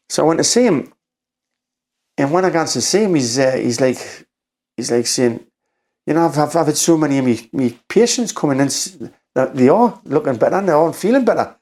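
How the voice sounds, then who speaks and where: A man with a Geordie accent, a podcast guest telling a story in a rambling, halting way, acting out quotes with "I says". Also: fairly high pitch, warm tone. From Newcastle, England. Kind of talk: casual storytelling conversation.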